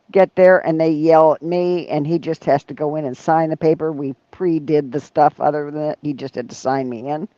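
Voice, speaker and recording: A woman hosting a casual chat, telling stories in an animated way and laughing often. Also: sits low, no echo, highs cut off. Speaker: leatherwork channel host.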